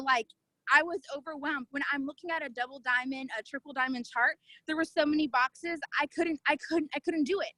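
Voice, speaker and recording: A woman's voice: sits high, pushed and bright, no echo, rough recording. A woman telling her own story in an emphatic, fervent way on a video call. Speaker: network marketing distributor. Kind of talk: testimonial talk on a video call.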